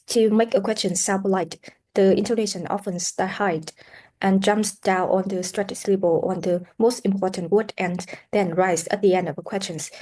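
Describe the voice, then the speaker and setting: A woman teaching English pronunciation in a recorded lesson, explaining slowly with many "uh" fillers and modeling words for students to repeat. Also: medium pitch, dark tone. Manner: slow, explanatory, with frequent "uh" fillers; models sounds and words for repetition. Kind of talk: recorded classroom lecture.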